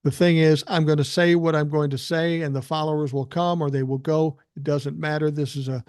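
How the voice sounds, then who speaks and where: A man's voice: fairly high pitch, steady tone, a little fast, darkish tone, clean tone, no echo, clean studio sound. Older man, blunt and profane. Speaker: podcast host doing a live stream. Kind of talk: casual live-stream rant. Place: his living room.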